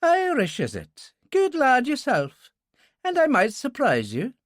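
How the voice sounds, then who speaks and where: A man voicing a brisk, motherly Highland landlady with a Scottish Highland accent, in an audiobook. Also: wildly swooping pitch, dry recording, studio quality, heavily acted. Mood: teasing. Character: warm-hearted Highland landlady, sharp-tongued.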